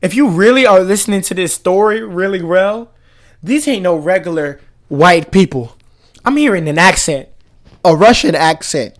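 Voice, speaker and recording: A man hosting a reaction video, giving loud, incredulous, slang-heavy comedic commentary. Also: high-pitched, very animated, normal speed.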